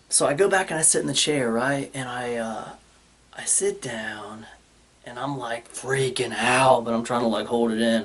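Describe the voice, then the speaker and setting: Rambling, animated storytelling man. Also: medium pitch. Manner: rambling, animated, lots of fillers like "man" and "you guys". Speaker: channel host. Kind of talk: casual storytelling to camera.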